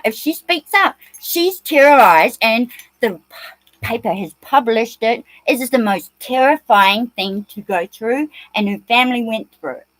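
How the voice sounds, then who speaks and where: A woman's voice: fairly high pitch, fairly bright tone, no room sound, low-quality recording. Agitated ranting New Zealand woman. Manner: agitated, swearing, rambling. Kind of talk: ranting monologue.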